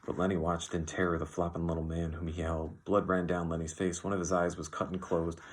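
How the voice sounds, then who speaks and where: A man reading an audiobook as narrator in an even, measured way. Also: sits low. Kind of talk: scripted narration.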